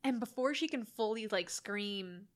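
A woman's voice: mid-range voice, unhurried. A woman co-hosting a podcast, chatting casually about a horror movie and acting out scenes. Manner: animated, acts out scenes with voices. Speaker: podcast co-host.

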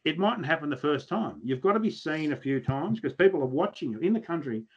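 A man's voice: on the high side, lively intonation, fairly quick, breathy edge, lo-fi sound. An Australian man chatting as a podcast guest, telling blunt, earthy stories with mild swearing. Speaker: podcast guest, pig hunter. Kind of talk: casual podcast chat.

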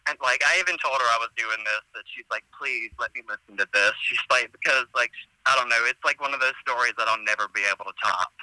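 A man's voice: mid-range voice, fast talker, pushed and bright, dry recording. A man telling a story over a phone line, chatty and full of "like". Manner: chatty, peppers speech with "like". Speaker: caller.

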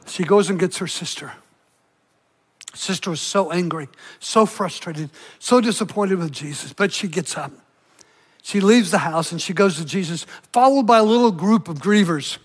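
A man preaching a sermon as pastor, impassioned, dropping to quiet intimate asides. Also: high-pitched, moderate pace, slightly rough. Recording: long reverb of a large hall.

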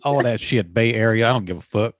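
A man's voice: mid-range voice, fairly quick. A man co-hosting a podcast with crude casual banter and profane rants.

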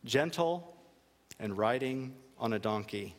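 A man's voice: mid-range voice, lively intonation, slow pace, big-room sound. A male pastor delivering a sermon in an earnest, emphatic way, repeating key phrases for weight.

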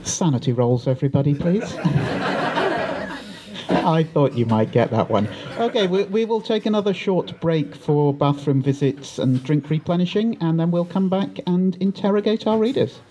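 A man's voice: on the high side, expressive, normal speed, hardly any pauses, heavy background noise. A man hosting a live reading night, joking with the crowd and announcing a break. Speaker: event host.

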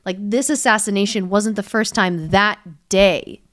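A woman's voice: mid-range voice, a little slow. A woman co-hosting a podcast who tells history in a playful, giggly way. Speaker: podcast co-host. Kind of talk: casual history chat.

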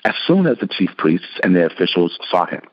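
A man narrating scripture in a steady, even reading voice. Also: low voice, a little fast, lo-fi sound. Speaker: scripture reader.

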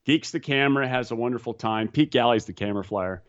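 A man's voice: medium pitch, quick pace, no echo. Brief: male skydiving instructor spinning yarns, rambling, stumbles over repeats, muffled and dry. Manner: rambling, repeats words, laughs at own stories. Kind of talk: casual storytelling chat. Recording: slightly dull, dry recording.

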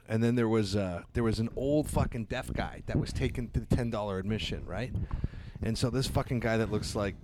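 A man's voice: fairly low pitch, slight background noise. A man, a stand-up comedian, telling crude anecdotes in casual talk and acting out the people in them. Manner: animated, profane, acts out voices in anecdotes. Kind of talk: casual podcast storytelling.

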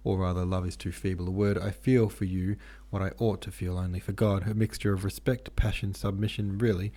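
A man's voice: low voice, little pitch movement, fairly quick, dark tone. A man voicing a devout woman torn between faith and love, speaking earnestly and pleadingly in an audiobook reading. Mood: impassioned.

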